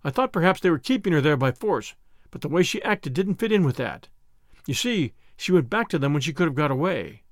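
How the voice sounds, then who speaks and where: A man's voice: a little high, sing-song, a little fast, dry recording, clean studio sound. A man voicing an eager, polite young Englishman who talks earnestly and deferentially. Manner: earnest, deferential, says sir often.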